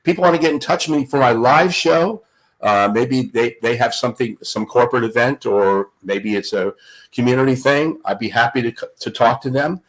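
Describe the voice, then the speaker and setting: A man's voice: mid-range voice, normal speed, poor audio. An older man, a guest on the show, telling stories in a dramatic, emphatic way. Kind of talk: animated storytelling.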